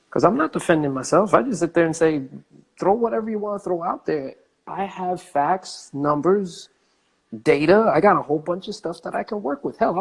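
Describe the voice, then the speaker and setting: A man vlogging a casual rant, emphatic and animated, repeating himself and swearing. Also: high voice, husky.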